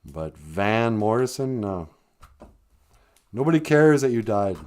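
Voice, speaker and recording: A man's voice: lowish voice, very animated, takes it slowly, a little mellow, clean tone. A man hosting a casual comedic chat, rambling and joking with strong opinions. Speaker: podcast host.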